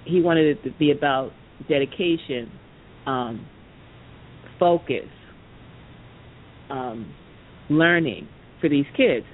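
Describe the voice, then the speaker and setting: A woman's voice: slow pace, pauses often. Woman telling a story over a tinny line. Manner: animated storyteller, acts out quoted voices, many fillers. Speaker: podcast host. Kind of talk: casual storytelling. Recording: tinny phone-line audio with faint rumble.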